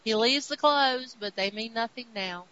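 A woman co-hosting a podcast, casually recapping comic stories with lively retellings of what the characters say. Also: a little high, moderate pace, clean tone. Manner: animated retelling, quoting characters in her own voice. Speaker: podcast co-host. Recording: dull lo-fi audio with faint hiss.

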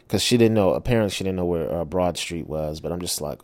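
A middle-aged man, a self-published author, telling a personal story in a casual monologue, animated and swearing with many rhetorical asides. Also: low voice, normal speed, pauses often, dry recording.

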